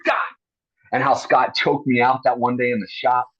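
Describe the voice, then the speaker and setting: A middle-aged man tells war-buddy stories in a blunt, chummy, profane way. His voice sits at an ordinary pitch. The audio is muffled and lo-fi, with no room echo at all. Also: level tone, moderate pace, fairly bright tone. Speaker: guest, Marine veteran. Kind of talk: casual storytelling chat. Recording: dull dry lo-fi sound.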